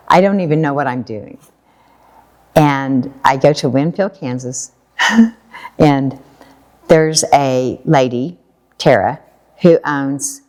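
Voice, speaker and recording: An American woman telling a personal story in a casual talk, animated and laughing often while she acts out what people said. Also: rumbling low. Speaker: guest storyteller.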